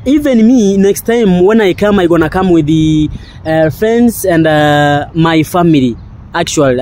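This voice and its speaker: A man, vlogging a walking tour outdoors in broken English, full of excited repeated exclamations. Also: on the high side, a little hiss or hum. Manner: non-native English, broken grammar. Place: outdoors in a park.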